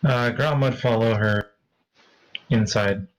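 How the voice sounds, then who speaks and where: A man's voice: medium pitch, slow pace, rough recording. A man playing a tabletop game, giving terse, guarded answers in character. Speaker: player.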